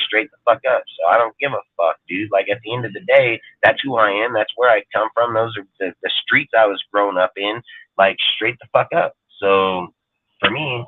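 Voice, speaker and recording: A man's voice: lowish voice, dry recording. A man on a live sports fan show, ranting bluntly in profane, slangy street talk about his team. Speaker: podcast co-host. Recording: tinny phone-line audio.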